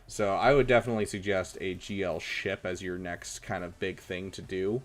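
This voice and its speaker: A young man casually chatting on a live stream, giving relaxed advice with lots of ums and uhs. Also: sits low, moderate pace. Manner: relaxed, chatty, many fillers, gives advice. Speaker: streamer reviewing viewers' game rosters.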